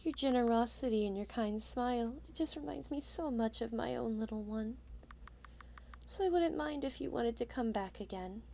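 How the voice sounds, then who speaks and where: A woman voicing a lonely, gentle witch who longs to be a mother again, speaking softly and tenderly. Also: a little high, sing-song, a little slow, a little hiss or hum. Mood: wistful. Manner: soft, tender, wistful. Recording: game music behind.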